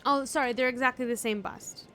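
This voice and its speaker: A woman's voice: sits high, fairly even intonation, brisk, pushed and bright, faint music behind. Exclamatory woman streaming a game. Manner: exclamatory, groans and swears at puzzles. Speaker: streamer playing a puzzle game. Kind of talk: casual gaming chat.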